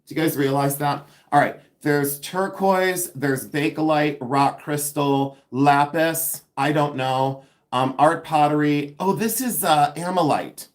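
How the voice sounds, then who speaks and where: A man's voice: fairly high pitch, slow. A man hosting a casual live jewelry-sorting stream from home, chatty and sassy, joking at his own expense. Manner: sassy, chatty, self-mocking humor. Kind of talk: casual livestream chat.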